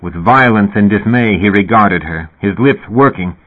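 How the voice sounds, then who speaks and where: A man narrating a novel in a slow, even reading voice. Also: lowish voice. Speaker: audiobook narrator. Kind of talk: scripted narration. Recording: tinny narrow-band radio sound.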